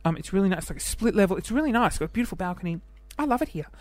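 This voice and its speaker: A man's voice: high voice, animated, racing, a little mellow, no echo. A man in his twenties with an Australian accent, hosting a casual solo podcast, chatty and self-deprecating as he jumps from one topic to the next. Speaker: podcast host.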